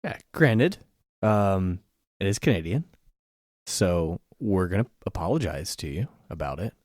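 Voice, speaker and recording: Giggly tipsy man with a low voice. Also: animated, unhurried, darkish tone, no echo, clean studio sound. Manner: giggly, playful banter. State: tipsy from drinking. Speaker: podcast co-host. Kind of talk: casual tipsy chat.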